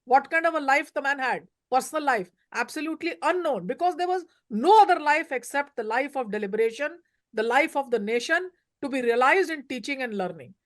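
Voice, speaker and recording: A woman's voice: sits high, animated, a little fast. A woman professor from India, giving emphatic lecturing remarks on a panel. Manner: emphatic, lecturing, stresses single words.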